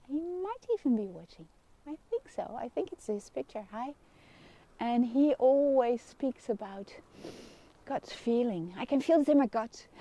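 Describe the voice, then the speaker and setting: A middle-aged woman with a Dutch accent, a kinesiologist giving a gentle, soothing live lesson and laughing softly now and then. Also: mid-range voice, no room sound. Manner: gentle, soothing guidance with frequent soft laughs. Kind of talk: live-streamed wellness lesson.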